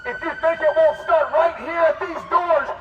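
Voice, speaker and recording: A man's voice: very high voice, steady tone, moderate pace, highs cut off, noisy background. A man organizing a protest, speaking outdoors to a street crowd in an impassioned, profane, rallying way. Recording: roomy, distant street reverb.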